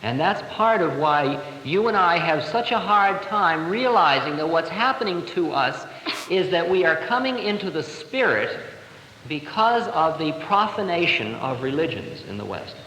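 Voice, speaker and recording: A man in his thirties giving a spiritual talk to an audience, telling stories in a lively, expressive way. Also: a little high, normal speed. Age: 30s. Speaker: spiritual teacher. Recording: echoey hall, 1970 live recording, faint hiss.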